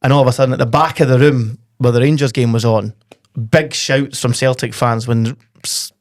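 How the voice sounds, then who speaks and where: A Scottish man hosting a casual football podcast, telling jokes in a lively storytelling way. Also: mid-range voice, normal speed. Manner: joke-telling, animated storytelling. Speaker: podcast host.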